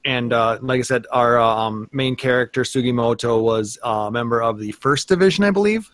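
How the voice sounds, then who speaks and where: A man talks in loose, rambling runs, full of ums and restarts. His pitch sits in a middle range for a man. The sound is dry and close. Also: brisk, a bit bright, no echo. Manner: rambling, many fillers and restarts. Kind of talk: casual chat about an anime.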